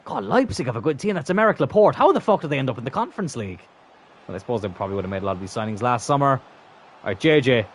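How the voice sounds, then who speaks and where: A man's voice: mid-range voice, animated, very fast, slightly rough. Young man, gaming commentary, exasperated, constant swearing, mid-range voice. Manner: swears constantly, exasperated outbursts then muttering. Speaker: gaming channel host. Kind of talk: live gameplay commentary.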